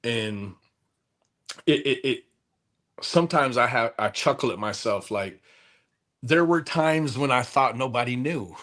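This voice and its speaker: A man co-hosting a podcast, reflecting in a relaxed, conversational way and chuckling at himself. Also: mid-range voice, unhurried, long pauses. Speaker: podcast co-host.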